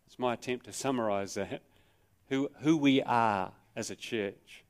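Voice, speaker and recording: A man's voice: medium pitch, a little slow, clear, resonant tone. An Australian man preaching a sermon at a live church service in a conversational way, asking the congregation questions and telling stories with drama. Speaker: pastor.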